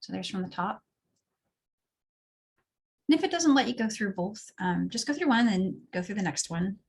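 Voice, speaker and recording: A woman with a creaky, husky mid-range voice talks at a moderate pace while teaching beadweaving. As a craft instructor giving a step-by-step tutorial, she chats casually and explains as she works.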